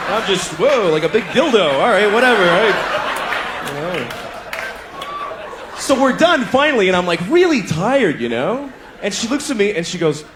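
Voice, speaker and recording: A man doing stand-up, his fairly high voice swinging wildly up and down as he tells profane stories and acts out quick bits of other voices. Audience laughter and room noise sit clearly behind him on a live club recording. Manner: animated storytelling, acts out other voices in bursts; profane, conversational asides. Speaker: stand-up comedian. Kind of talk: stand-up comedy set.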